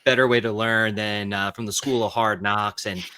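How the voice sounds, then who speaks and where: A male podcast host asking interview questions in a steady, measured way. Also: on the low side, clear, resonant tone, no echo.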